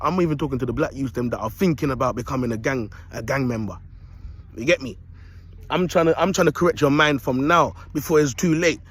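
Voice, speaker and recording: A man's voice: on the high side, a little hiss or hum. A man vlogging outdoors in a park into a phone, streetwise and preachy, in a casual motivational style. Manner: streetwise and preachy, repeats "you get me".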